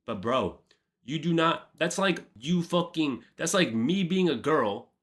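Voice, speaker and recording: Man telling a storytime tale, slangy and swearing, slightly high voice. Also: unhurried. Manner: animated and profane, slangy, keeps saying bro. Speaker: streamer. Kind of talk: casual storytime.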